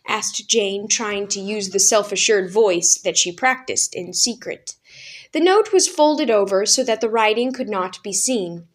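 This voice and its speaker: Woman, storyteller, calm even narration, mid pitch. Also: measured pace. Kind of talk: reading a children's book aloud.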